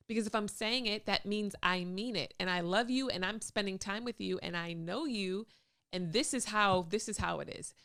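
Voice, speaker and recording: A woman in her thirties talks calmly and softly in a casual chat with her husband, laughing easily. Her voice carries a noticeable gravelly fry at a mid pitch. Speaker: co-host, wife.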